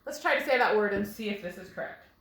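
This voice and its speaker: A woman teaching a phonics lesson to first graders at a whiteboard, explaining slowly and clearly with patience. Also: mid-range voice, animated, a bit bright, echoey room, rough recording. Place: classroom with a whiteboard.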